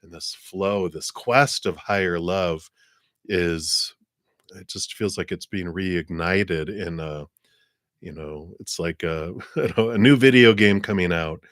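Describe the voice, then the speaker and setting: A man giving tarot readings on a livestream in an upbeat, chatty way, clearing his throat now and then. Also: deep voice, slow, fairly bright tone, no room sound, studio quality. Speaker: tarot reader.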